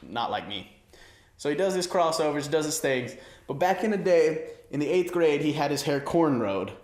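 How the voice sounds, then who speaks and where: A man's voice: a little high, expressive, normal speed, darkish tone, roomy sound. A man in his twenties riffing on sports in a loose, slangy comedy set, a little winded. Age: 20s. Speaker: host. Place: room with an audience.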